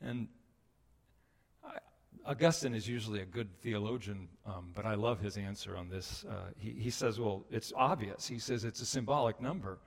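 A pastor with a fairly low voice and some vocal fry preaches a sermon in a large hall at a normal speed. He tells the story with animation, acting out the voices of the people he quotes.

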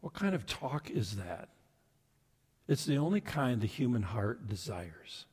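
A man preaching a sermon as pastor, emphatic at times and then dropping to soft, intimate asides. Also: mid-range voice, very animated, unhurried, slightly rough. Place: church sanctuary. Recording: reverberant hall sound.

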